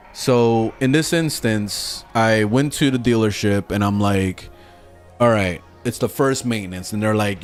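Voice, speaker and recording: A man streaming a video game, chatting casually and telling an animated story with lots of swearing, reading questions from chat, faint game music behind him. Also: mid-range voice.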